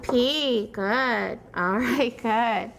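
A woman's voice: fairly high pitch, extremely slow, creaky, a bit bright, a little hiss or hum. A woman teacher patiently guiding young children through a handwriting and letter-sound lesson at a small classroom table, praising them often.

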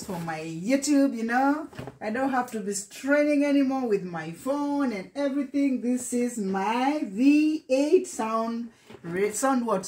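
A middle-aged woman from Kenya, excitedly unboxing gear in a casual vlog and repeatedly calling out to her viewers. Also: fairly high pitch, a little hiss or hum. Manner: excited, repeats "guys" often. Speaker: vlogger.

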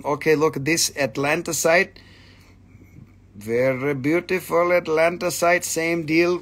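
A man's voice: a little high, a bit bright, slightly rough. A man running a live sales stream for rocks and minerals, with hammy, playful patter in mock broken English.

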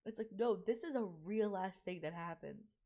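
A woman's voice: mid-range voice, moderate pace, dark tone. A woman giving casual, chatty reaction commentary on an anime episode, slangy and exclamatory.

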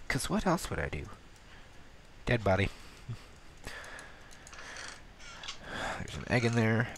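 A man giving self-mocking let's-play commentary in a put-on accent, mumbling at times and then bursting out excited. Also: fairly low pitch, unhurried, long pauses, a little hiss or hum. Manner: playing around with a put-on accent. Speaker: gaming video host.

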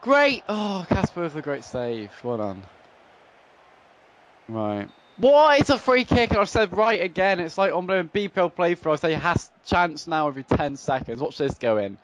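Young guy yelling and grumbling over a football game, pitch all over the place. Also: moderate pace. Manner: excitable, swings between groans and shouts. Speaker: gaming YouTuber. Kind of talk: live gameplay commentary.

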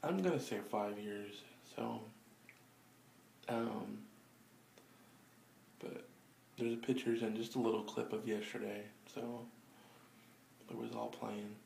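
Sleepy, gravelly young man. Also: on the low side, steady tone, slow pace, pauses often, darkish tone, a little hiss or hum. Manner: drawling, rambling, laid-back with fillers. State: sleepy, yawning. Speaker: vlogger. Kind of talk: casual video diary.

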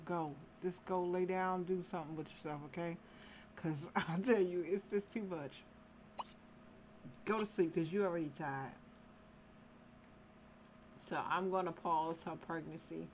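A woman's voice: on the low side, unhurried, pauses often, a little hiss or hum. A woman casually commentating a life-simulation game, scolding the characters in exasperation. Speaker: gameplay commentator. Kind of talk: casual let's-play commentary.

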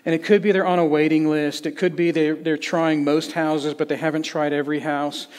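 A man of middle age preaches from a church pulpit, telling stories in a chatty, folksy way. His voice sits a little high for a man, and it drops to a hush on his quieter points. A long reverb from the hall follows every phrase. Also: fairly quick. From Tennessee. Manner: conversational storytelling, folksy asides, swings between lively and hushed. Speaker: pastor. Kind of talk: sermon. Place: church sanctuary.

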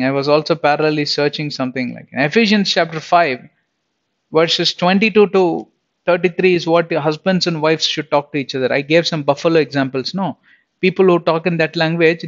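A man's voice: a little high, muffled recording. A man giving an informal Bible lesson, chatty, often laughing and repeating himself. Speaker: Bible teacher.

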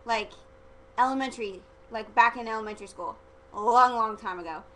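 A woman's voice: on the high side, brisk, a bit bright, low-quality recording. A teenage girl vlogging casually, rambling and giggly, full of "like" fillers. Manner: chatty and giggly, heavy use of "like" fillers.

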